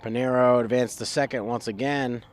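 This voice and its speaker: Relaxed man giving softball color commentary. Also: mid-range voice, moderate pace. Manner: relaxed, talks through player stats.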